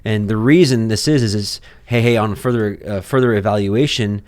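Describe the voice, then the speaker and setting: Speaking at a normal speed in a lowish voice, this young Torah teacher covers the weekly Bible portion casually. He stages pretend dialogues, and his talk is packed with fillers and false starts.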